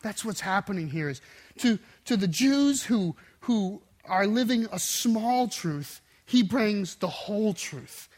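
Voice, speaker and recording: A man with a notably high voice delivers a sermon. He preaches with intense emphasis, rising into forceful bursts and then dropping to quiet, low endings. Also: animated, slow pace. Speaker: pastor.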